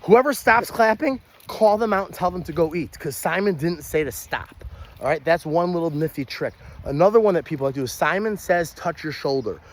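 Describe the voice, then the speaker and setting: A young adult man who works as a party entertainer, explaining kids' party games in an energetic how-to style and breaking into loud high shouts when he acts out the calls. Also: a little fast.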